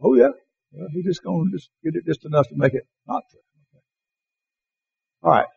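A man teaching a Bible class, reading verses slowly and with emphasis and putting questions to his listeners. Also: a little high, animated, gravelly, breathy edge, phone-quality sound. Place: classroom or church hall with slides.

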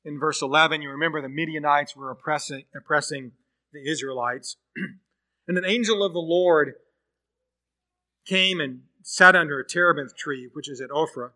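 Male preacher, fairly high and bright voice, storytelling sermon delivery. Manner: storytelling, acts out quoted dialogue.

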